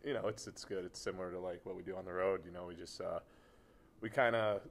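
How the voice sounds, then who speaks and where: Low-voiced young hockey player, rambling. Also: male voice, quick pace. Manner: relaxed and rambling, full of "you know" and "uh". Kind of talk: casual interview chat.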